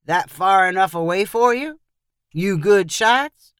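A man's voice: high voice, lively intonation, takes it slowly, fairly bright tone, smooth, no room sound, clean studio sound, heavily acted. A man reading the part of an easygoing old ranch grandfather, drawling and matter-of-fact.

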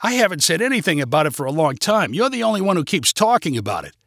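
A man's voice: on the high side, big pitch swings, fast, fairly bright tone, no echo, clean studio sound, exaggerated voice. A man voicing a timid, sheepish middle-aged husband who pleads and makes excuses.

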